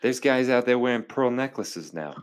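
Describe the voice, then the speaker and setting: A young man co-hosting a podcast, chatting casually and excitedly, full of "dude". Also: mid-range voice, moderate pace, clear, resonant tone. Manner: animated, keeps saying dude. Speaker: podcast co-host. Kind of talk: casual comedic chat.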